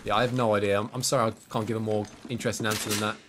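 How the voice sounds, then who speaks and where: A man's voice: fairly low pitch, little pitch movement, very fast, noisy background. Casual streamer man. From West Midlands, England. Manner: casual and self-deprecating, reading chat between bursts of game reactions. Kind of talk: live gameplay stream, chatting with viewers.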